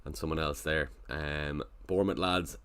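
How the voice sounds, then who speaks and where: Low-voiced man chatting on a live stream. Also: steady tone, normal speed, a bit bright, clean tone. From Ireland. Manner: chatty, thinking aloud, greets chat viewers. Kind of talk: casual live-stream chat.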